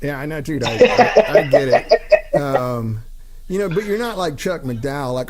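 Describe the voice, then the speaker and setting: A man's voice: fairly high pitch, big pitch swings, measured pace, a crowd in the background. Chatty rambling male stream host. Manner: rambling, joking, frequent fillers. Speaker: livestream host. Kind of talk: casual chat.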